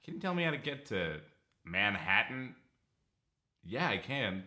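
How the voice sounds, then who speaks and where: A young man co-hosting a podcast, joking easily with his partner. His voice is very bright and swings widely up and down. He reads listener posts aloud with a playful edge. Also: on the low side, very animated, a little slow. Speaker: podcast co-host. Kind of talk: casual banter.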